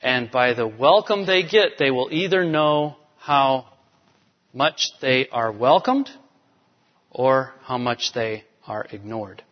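A man with a mid-range voice preaches slowly as pastor, unpacking scripture and building to emphatic points in a church sanctuary. The recording has a dull quality and long hall reverb.

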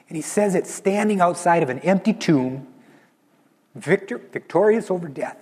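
A man's voice: a little high, lively intonation, normal speed, a little mellow, slightly rough. A middle-aged man preaching a sermon as a missionary speaker, earnest and building into impassioned repetition. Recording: long reverb of a large hall.

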